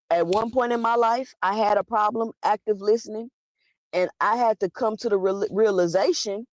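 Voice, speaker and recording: A woman's voice: medium pitch, normal speed, dry recording, muffled recording. A woman hosting a live stream who talks bluntly and argues straight at her chat. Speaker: livestream host. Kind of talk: live commentary talking to chat.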